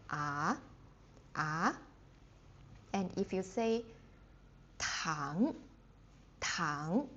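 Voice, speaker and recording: A woman who speaks natively teaching a live online beginner lesson, chatty and full of fillers, slowly sounding out Chinese words with exaggerated tones. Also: mid-range voice, a little mellow. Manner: chatty, loose, with many fillers and self-restarts. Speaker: Mandarin teacher. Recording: dull lo-fi stream audio with faint background noise.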